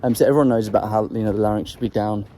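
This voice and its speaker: Man with a dark, mellow tone, mid pitch, unscripted vlog explaining voice technique with lots of fillers, faint outdoor noise behind. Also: steady tone, rapid-fire, rough recording. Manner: rambling, hesitant, full of ums and restarts; demonstrates throat sounds while talking. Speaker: voice coach sharing singing tips.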